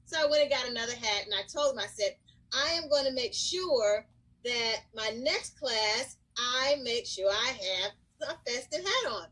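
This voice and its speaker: A middle-aged woman, a school counselor, casually telling a lively story to the camera. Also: on the high side, normal speed, low-quality recording. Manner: animated, lively storyteller who breaks into excited shouts and acts out quotes.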